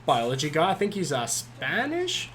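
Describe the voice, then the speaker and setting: A young man rattles through his story at a brisk clip, swearing freely and slipping into the voices of the people he quotes. The chat is casual and unpolished, with a faint murmur of noise behind him. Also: mid-range voice, a bit bright. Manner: loose, profane, acts out quoted dialogue. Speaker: podcast guest, former paramedic student. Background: faint rowdy background noise.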